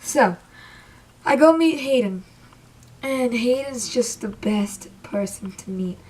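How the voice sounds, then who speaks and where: A young woman telling an excited, rambling storytime about meeting her idols, emotional and close to tears. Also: a little high, slow pace, a little hiss or hum. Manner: gushing, rambling, says literally a lot. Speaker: vlogger.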